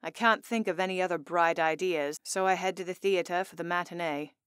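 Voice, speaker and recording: A woman's voice: lowish voice, fairly even intonation, a little fast, a bit bright, clear, resonant tone, no echo. A woman narrating a first-person romance audiobook in an intimate, earnest storytelling manner, on a close studio mic.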